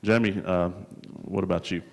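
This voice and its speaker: A man's voice: sits low, fairly even intonation, normal speed. A man moderating a conference panel, prompting the speakers with easygoing, teasing questions. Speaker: session moderator. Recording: echoey conference hall.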